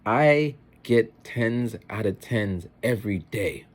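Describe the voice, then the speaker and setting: A man's voice: fairly low pitch, expressive, slow pace, pitched above the performer's own voice. A man voicing a cheeky, sassy little boy with a put-on Jamaican accent. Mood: boastful.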